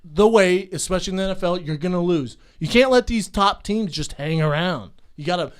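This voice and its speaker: A man's voice: sits high, brisk, clean tone. A man co-hosting a podcast, joking and insisting in casual banter, often repeating himself. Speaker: podcast co-host.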